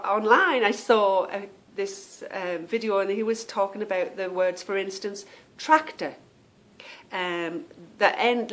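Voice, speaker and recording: A woman hosting a podcast, talking casually in a chatty, self-amused way and explaining things with plenty of fillers. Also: medium pitch. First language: English. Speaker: podcast host. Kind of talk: casual monologue.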